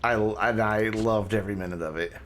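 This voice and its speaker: A man streaming a video game, giving relaxed, chatty commentary and thinking aloud as he plays. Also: lowish voice, brisk, slight background noise. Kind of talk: casual gameplay commentary. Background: game music.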